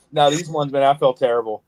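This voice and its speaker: A man's voice: medium pitch, moderate pace, a loud crowd, rough recording. A man hosting a casual podcast, telling loose, profane stories and acting out little voices. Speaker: podcast host, reptile breeder.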